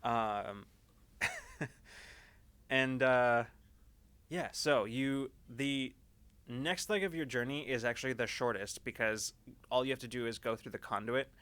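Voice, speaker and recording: A man narrating a tabletop game as game master, loose and halting, with many fillers. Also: medium pitch, expressive, a bit bright.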